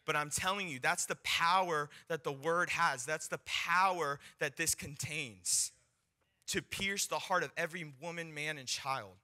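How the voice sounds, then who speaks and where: A man's voice: fairly high pitch, a little slow. A young man giving a sermon, telling stories and acting out the people in them. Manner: animated, acts out quoted voices, laughs between points. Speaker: speaker sharing a testimony. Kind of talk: sermon storytelling.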